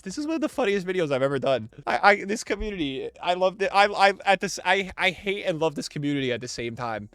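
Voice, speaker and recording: Lively, laughing young man reading chat. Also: high-pitched, fast talker, few pauses, clear, resonant tone, dry recording, studio quality. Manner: animated, laughs often while reading. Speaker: gaming content creator. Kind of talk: casual reaction commentary, reading chat messages aloud.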